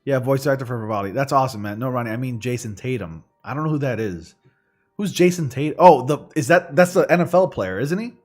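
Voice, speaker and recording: A man's voice: medium pitch, animated, quick pace, darkish tone. A man hosting a gaming livestream, chatting casually in a rambling way, full of fillers. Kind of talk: casual chat while streaming. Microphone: studio condenser microphone.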